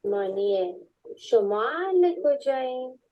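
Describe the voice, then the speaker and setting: A woman's voice: high-pitched, expressive, racing, dark tone, muffled recording. A young woman playing an Iranian woman with a German mother in a scripted language-course dialogue. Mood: friendly. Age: young adult.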